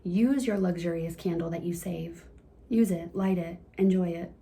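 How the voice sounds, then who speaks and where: A woman giving a casual, encouraging card reading to her viewers, chatty and quick to laugh. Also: on the low side, fairly even intonation, mellow. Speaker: tarot reader.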